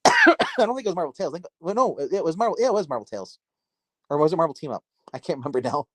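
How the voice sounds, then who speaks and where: A man chatting casually on a livestream about comics from his dark home, rambling and restarting his sentences. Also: on the high side, wildly swooping pitch, fast, no echo. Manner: rambling, self-interrupting, filler-heavy. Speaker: comic book livestream host. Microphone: phone.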